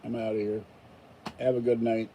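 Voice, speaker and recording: Older man from Pittsburgh, channel host, tired, rambling with grumbly asides, very dark mellow voice, faint noise behind. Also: mid-range voice, level tone, normal speed, low-quality recording. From Pittsburgh, USA. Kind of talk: casual live stream sign-off chat.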